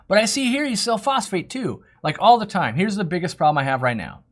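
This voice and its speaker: A man's voice: high-pitched, a little fast, hardly any pauses. A middle-aged man hosting a live question-and-answer stream, talking casually and acting out back-and-forth conversations in quoted voices. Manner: animated, acts out customer dialogues in quoted voices. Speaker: host of a fish-keeping Q&A live stream.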